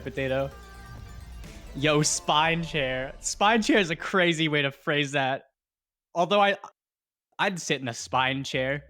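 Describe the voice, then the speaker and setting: Excitable young man chatting on stream. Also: fairly high pitch. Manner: excitable, quick to get hyped, jokey asides. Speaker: streamer hosting a watch party. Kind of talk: casual chat reading stream chat.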